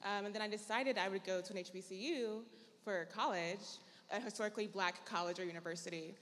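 A woman's voice: medium pitch, fast, a bit bright. A young woman from Tennessee, a panelist telling her story in a casual, chatty, reflective way. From Tennessee, USA. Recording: long hall reverb.

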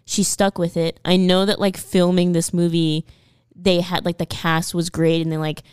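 A woman's voice: on the low side, level tone, moderate pace, a little mellow, smooth, no room sound, studio quality. A woman co-hosting a film podcast in casual chat, talking freely with plenty of swearing and "like". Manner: chatty, swears freely, leans on filler "like". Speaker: podcast co-host.

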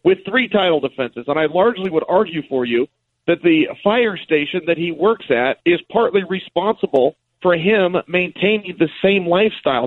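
A man giving rapid, emphatic sports analysis as a guest on a radio show, calling in by phone and repeating words as he restarts. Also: fairly high pitch. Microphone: phone call. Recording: tinny phone line.

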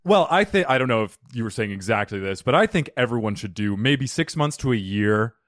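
A man's voice: medium pitch, expressive, fairly quick, a bit bright, no echo, studio quality. A man hosting a casual comedy podcast, joking, swearing and poking fun at himself. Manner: joking, self-mocking, profane. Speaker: podcast host.

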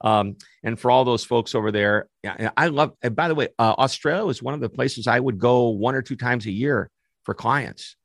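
A man's voice: mid-range voice, normal speed, dry recording, clean studio sound. A man hosting a business radio show, chatty and enthusiastic as he introduces his guest. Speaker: podcast host.

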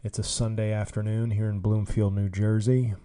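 A man's voice: lowish voice, normal speed, clear, resonant tone. A man hosting his own podcast, telling stories in a casual, sarcastic, ranting comedic monologue. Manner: ranting, sarcastic, animated storytelling. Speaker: podcast host.

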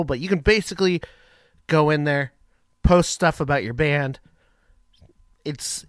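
A man hosting a radio show in a casual, rambling way, swearing freely and filling pauses with ums. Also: mid-range voice, dry recording, clean studio sound. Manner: rambling, profane, lots of ums. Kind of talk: casual talk-radio intro. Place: home radio setup.

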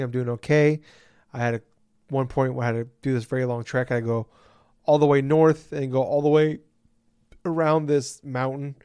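A man co-hosting a casual gaming podcast, telling a profane, ranting story about a game. He mutters low one moment and shouts the next. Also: smooth, no room sound, studio quality. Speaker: podcast co-host. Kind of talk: casual chat.

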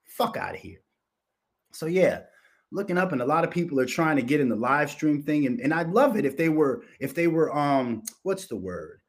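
A man's voice: a little high, very animated, moderate pace. A man hosting a livestream, ranting in a brash, boastful and mocking way, full of swearing. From Minnesota. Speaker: livestream host. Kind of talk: profane livestream rant.

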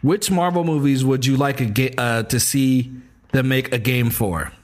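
A man's voice: medium pitch, steady tone, moderate pace, a little hiss or hum. A man co-hosting a casual podcast, tossing in jokey remarks about games. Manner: playful, jokey interjections. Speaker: podcast co-host. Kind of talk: casual chat.

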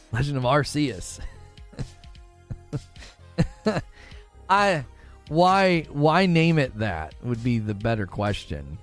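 A man hosting a gaming stream, with a fairly high voice that swings up and down a great deal as he teases his chat. He talks in an easygoing, joking way, with soft music playing underneath. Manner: animated, joking, reads chat aloud. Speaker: gaming livestream host. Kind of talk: casual chat with live viewers.

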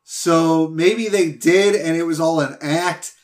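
Relaxed, fairly high-voiced male co-host. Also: slow pace. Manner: relaxed, hedging, lots of agreeing and laughing along. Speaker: podcast co-host. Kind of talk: casual chat recapping a cartoon episode.

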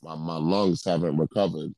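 A man's voice: deep voice, steady tone, moderate pace, dark tone, no room sound. A man co-hosting a casual chat, talking in a laid-back, rambling way with fillers, sounding a little congested. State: congested, under the weather. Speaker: podcast co-host.

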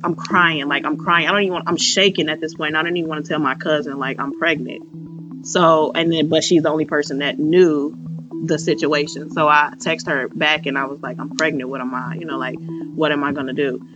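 Her voice low and her tone steady, this twentysomething woman from Chicago speaks at a normal speed while sharing a personal story openly. Fillers come often, and she voices what she was thinking back then; the audio is slightly muffled with faint background music.

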